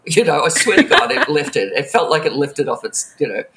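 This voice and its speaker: A man telling an animated story in casual chat, laughing often and acting out what people said. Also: fairly high pitch, fairly quick, noisy background.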